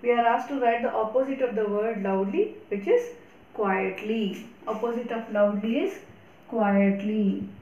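A woman's voice: fairly high pitch, warm tone, muffled recording. Woman teaching grammar in an echoey room. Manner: slow, deliberate explanations with repetition. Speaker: English teacher. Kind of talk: recorded grammar lesson.

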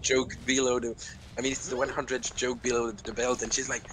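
A man's voice: medium pitch, a little fast, background noise. A man co-playing a horror game on a stream, chatting casually and giggling as he riffs on the characters. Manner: lively, giggly, does playful impressions. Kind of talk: casual gaming chat.

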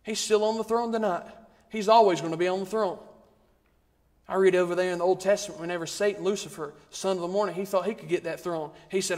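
The recording captures the long reverb of a church hall, where a guest preacher gives a sermon. He speaks at a quick pace in a high-pitched, steady voice, repeating phrases rhythmically to build emphasis.

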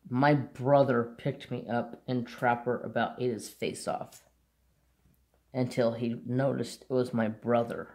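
Slow, gravelly man chatting casually. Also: mid-range voice. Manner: rambling, unhurried storytelling. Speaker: crafts channel host. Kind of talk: casual chat.

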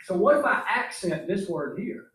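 A man's voice: sits high, very animated, normal speed, fairly bright tone. A man giving an informal philosophy lecture in an emphatic way, asking his class many rhetorical questions. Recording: echoey room.

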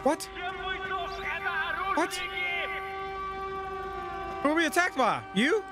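A high-voiced man doing crude, rowdy gameplay commentary, his voice leaping all over the place. Game music plays loudly behind him. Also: takes it slowly. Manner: loud, crude, swings into excited shouts. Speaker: gaming channel host.

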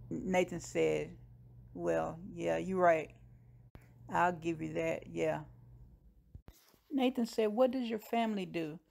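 Woman, casual episode recap, slow, gravelly, retells scenes and acts out quotes. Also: lowish voice. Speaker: show recapper.

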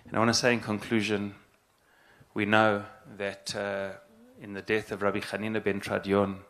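Gravelly low-voiced middle-aged rabbi. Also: male voice, level tone, a bit bright. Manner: earnest, halting, repeats phrases for emphasis. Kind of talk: reflective spoken address.

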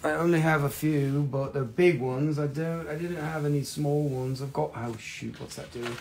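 A man's voice: on the high side, fairly even intonation, moderate pace, creaky, a little mellow. A man hosting a live mineral sale in a folksy, rambling, self-joking way. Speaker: host of a live mineral sales show. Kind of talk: casual live selling chat.

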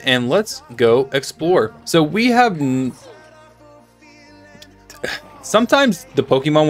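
A man casually commentating his own gameplay as a channel host, rambling and chatty, with lots of filler words and restarts. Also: medium pitch. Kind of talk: casual let's-play commentary.

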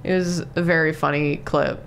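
A woman with a slightly low voice, retelling a funny clip to friends in a chatty, animated way. Her delivery is loose and conversational, with small restarts along the way. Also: normal speed, gravelly, slight background noise. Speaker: show regular. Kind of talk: casual chat, storytelling.

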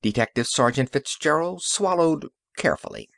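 Man, audiobook narrator, steady storytelling, lively pitch, dry close recording. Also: normal speed, vocal fry, dry recording. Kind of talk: scripted narration.

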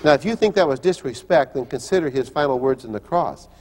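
An older male pastor delivers a storytelling sermon in a mid-pitched voice. He acts out quoted voices and restarts his phrases as he goes. A long reverb rings around him as if in a large hall. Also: animated, fairly quick, darkish tone. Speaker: pastor and teacher. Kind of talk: sermon with personal stories.

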